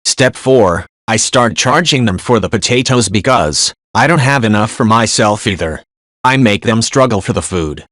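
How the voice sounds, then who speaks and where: A man narrating online forum posts in a brisk, matter-of-fact reading style. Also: fairly low pitch, animated, fairly bright tone, no echo, studio quality.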